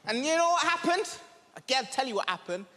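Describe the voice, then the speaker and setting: Animated comedian acting out voices. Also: male voice, very high voice, fast. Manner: animated, acts out characters. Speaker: stand-up comedian. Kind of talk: stand-up comedy. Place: large theatre with live audience. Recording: echoey live theatre stage with audience noise.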